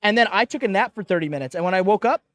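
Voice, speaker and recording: A man with a fairly high voice recounts a comic anecdote on a live show. He talks in an animated, playful way and slips in quoted asides. The sound is dry and close. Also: racing, no room sound. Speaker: panel guest. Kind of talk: casual storytelling on a live panel show.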